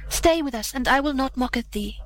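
A woman voicing a kind little girl in a storybook reading, gentle and comforting. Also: high voice, a little fast, a little hiss or hum, lightly acted.

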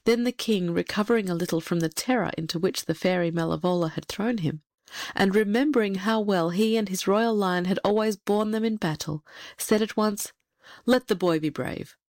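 Lady reading a fairy tale aloud, steady and expressive, dry close sound. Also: mid-range voice, brisk, no room sound. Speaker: narrator. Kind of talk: storybook narration.

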